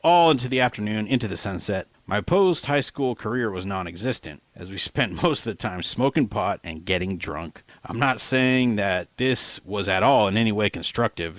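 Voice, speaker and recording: A man narrates his own novel in a casual, conversational way, with slang slipping in. His voice sits fairly low. The recording is close and dry, with no room sound. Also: expressive, normal speed, few pauses, fairly bright tone, no room sound. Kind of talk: audiobook narration.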